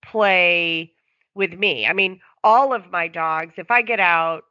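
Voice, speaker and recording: A woman's voice: on the low side, slow, bright, forceful tone, no room sound. A woman dog owner calling in and explaining her dog's problems at length in casual chat. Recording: dry, dull lo-fi sound.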